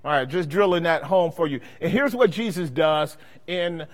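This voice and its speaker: A man's voice: a little high, normal speed. A man teaching a Bible study sermon-style, quizzing his congregation with call-and-response questions. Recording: long hall reverb.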